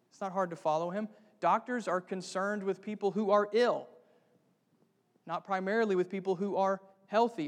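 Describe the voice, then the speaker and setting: High-voiced preacher in a reverberant hall. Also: male voice. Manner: earnest preaching, asks the congregation questions. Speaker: pastor. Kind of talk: sermon.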